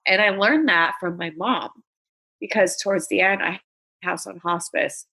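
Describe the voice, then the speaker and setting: A fairly low, husky woman's voice, bright and forceful, unfolds at a measured pace. The speaker, a Los Angeles comedian, is an interview guest in casual conversation, recounting stories bluntly and candidly with lots of profanity.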